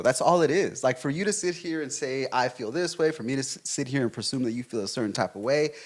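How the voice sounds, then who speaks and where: A man on a casual podcast, debating his partner. He explains his reasoning in a measured way, building his point step by step. His voice has an ordinary pitch for a man. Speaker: podcast co-host.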